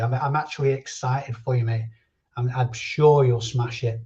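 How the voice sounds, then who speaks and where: A man's voice: medium pitch, fairly even intonation, normal speed, dark tone. A man hosting a casual live stream chat, reading viewer comments and chatting in a rambling way. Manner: chatty, answers viewer comments and drifts between thoughts. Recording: dull lo-fi stream audio.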